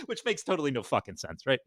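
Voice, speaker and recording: A man's voice: high-pitched, pushed and bright, dry recording. A man commenting casually while reading through a web page, rambling, swearing and correcting himself as he goes. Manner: rambling, profane, self-correcting.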